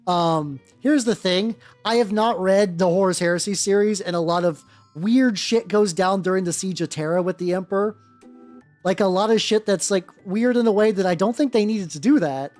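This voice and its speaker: While painting on a casual livestream, a woman hosts and rambles along, swearing plenty and restarting her sentences often. Her voice sits at a medium pitch, moves at a normal speed and has a slightly mellow quality. Faint music plays in the background.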